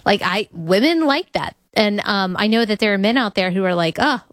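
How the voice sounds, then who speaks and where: A woman's voice: mid-range voice, expressive, normal speed, no room sound, clean studio sound. A woman hosting a radio interview, speaking in an opinionated, conversational way. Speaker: radio show host.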